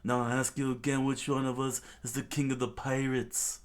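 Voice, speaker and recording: A man's voice: steady tone, a little slow, darkish tone, close to an everyday voice. Don Krieg, a man putting on a domineering pirate captain. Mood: commanding. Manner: booming, domineering threats. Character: ruthless boastful male pirate captain.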